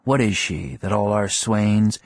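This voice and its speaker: A man reading an audiobook, voicing a joking middle-aged clerk husband with sardonic, mock-gruff banter. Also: lowish voice, unhurried, no echo, studio quality. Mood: wry.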